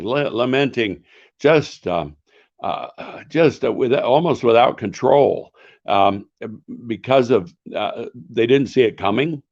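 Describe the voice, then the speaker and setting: An older man, an author and former pastor, answering questions in a live author session in an earnest, reflective way, often pausing to search for words. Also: mid-range voice, dull audio.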